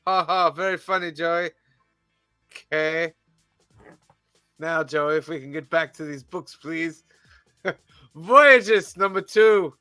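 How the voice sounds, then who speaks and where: A man hosts a casual podcast in a bright, forceful voice, slightly higher than most men. He works slowly through a list of titles in a measured, deadpan read. His wry asides and mock exasperation break up the list, and the sound is dry and close. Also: clear, resonant tone, no room sound, faint music behind. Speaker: podcast host reading the weekly release list.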